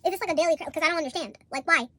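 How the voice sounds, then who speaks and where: A woman chatting casually about an anime, excitable and slangy, swearing a lot. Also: very high-pitched, racing, slight background noise. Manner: excitable, slangy, swears a lot, laughs at her own jokes. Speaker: anime reviewer, co-host. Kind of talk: casual chat.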